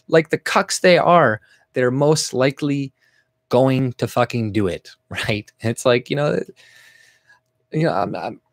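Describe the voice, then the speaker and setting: A Canadian man with an ordinary, mid-range voice rants on his own livestream, cursing freely and stumbling through "you know" and "like" as he reacts to viewer comments. His voice sounds close and dry, with no room echo. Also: medium pitch. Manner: blunt, profane, heavy on fillers and restarts. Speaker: YouTube channel host.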